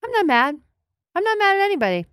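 A glum, sullen young bride, voiced by a woman in an improv comedy show. Her voice sits a little low and sounds close and dry. She talks flatly, in short resigned phrases. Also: normal speed, dry recording, close to an everyday voice. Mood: insisting. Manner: sullen, flat, then apologetic. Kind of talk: improvised comedy role-play.

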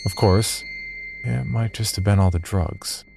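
A man narrating a first-person horror story in a wry, deadpan way. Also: on the low side, unhurried, gravelly, soft background music.

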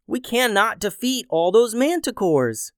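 A man voicing a young boy, an anxious but hopeful brother, speaking in a high, hesitant, pleading way. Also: very animated, unhurried, clear, resonant tone, dry recording, studio quality, heavily acted.

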